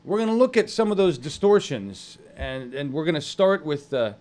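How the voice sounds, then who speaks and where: With a slightly high, animated voice and a darkish tone, a man hosts a casual live online news stream. He rambles and stumbles through many fillers while welcoming people from the chat.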